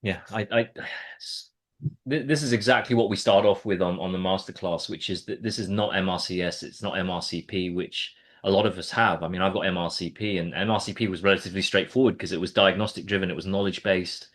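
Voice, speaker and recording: A man's voice: deep voice, steady tone, brisk. A man interviewing a candidate, encouraging and often restarting his words as he talks. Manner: warm encouraging, repeats words when starting sentences. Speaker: exam mentor and interviewer. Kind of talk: casual interview chat.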